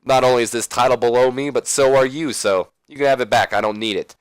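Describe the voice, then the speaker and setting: A man's voice: mid-range voice, steady tone, quick pace, clear, resonant tone, no echo, close to an everyday voice. A man voicing a cocky male wrestling champion who gloats and talks down to a rival, in a smug, dismissive way.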